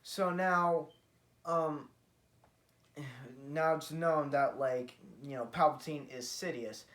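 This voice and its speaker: A man's voice: on the high side, fairly even intonation, takes it slowly, a bit bright. A man casually retelling a fan story, rambling with many fillers and correcting himself as he goes. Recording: roomy echo.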